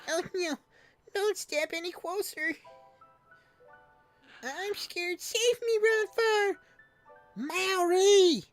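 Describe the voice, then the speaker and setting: A man voicing a frightened young captive woman in a video game, in a high falsetto. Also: drawn-out words, long pauses, fairly bright tone, faint music behind, exaggerated voice. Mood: scared. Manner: high squeaky falsetto pleading.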